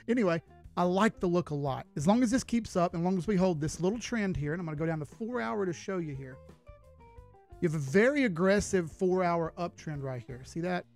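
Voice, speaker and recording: A man's voice: high voice, lively intonation, fairly quick, a little mellow, faint music behind. A man giving live chart analysis on a stream, talking casually and greeting viewers as he goes. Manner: casual, folksy, chats with viewers while reading charts.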